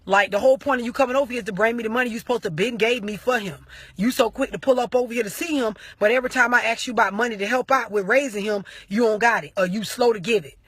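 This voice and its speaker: A woman putting on an irate young mother who scolds and demands money in a profane rush. Her voice is husky and a little lower than the narrator's own, and it sounds dry and close. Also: fast, no room sound. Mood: scolding.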